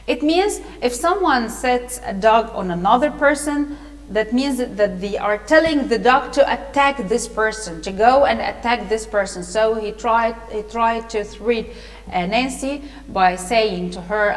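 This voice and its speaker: Egyptian-accented woman teacher, patient, explains vocabulary, high voice, echoey room. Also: measured pace. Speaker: English teacher. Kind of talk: reading a storybook and explaining vocabulary.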